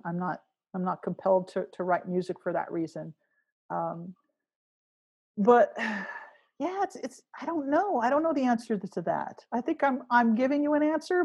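A woman's voice: medium pitch, a little mellow, slightly rough, dull audio. A woman musician talking casually in an interview, rambling with restarts as she thinks aloud. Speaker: musician guest.

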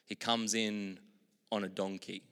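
Animated male preacher in a reverberant hall. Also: lowish voice, measured pace, clean tone. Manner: animated preaching, swinging from loud proclamations to quiet asides. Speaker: pastor. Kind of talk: sermon.

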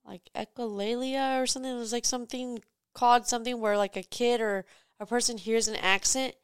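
A woman's voice: fairly high pitch, steady tone, fairly quick, clean tone, dry recording, clean studio sound. A woman co-hosting a casual podcast chat, rambling with many fillers. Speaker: podcast co-host.

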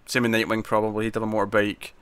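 A man's voice: on the low side, completely flat delivery, racing, fairly bright tone, clean tone, no echo. A man hosting a podcast, chatting casually and introducing segments with some hesitant fillers. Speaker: podcast host.

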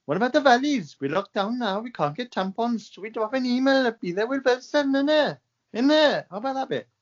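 A man's voice: very high voice, lively intonation, brisk, voice pushed up. A man putting on a cheeky, grumbling Welsh man with a mock Welsh accent, in a jokey, mocking way. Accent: put-on Welsh. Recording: dull lo-fi recording.

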